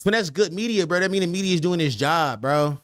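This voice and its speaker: A man's voice: a little high, a little fast, fairly bright tone, no echo, studio quality. A young man hosting a livestream podcast, talking loosely in slang and reacting to chat with laughs.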